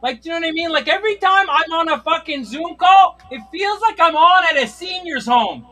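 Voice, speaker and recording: Exasperated high-voiced male comedian. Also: expressive, fairly quick, pushed and bright. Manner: exasperated ranting, frequent swearing. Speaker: stand-up comedian. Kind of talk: stand-up routine. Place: comedy stage.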